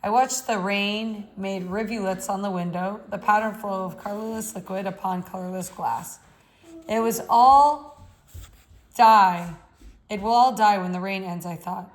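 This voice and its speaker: A woman reading a novel aloud, unhurried and reflective in her first-person narration. Her voice sits at a middling pitch for a woman, steady and plain. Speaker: audiobook reader.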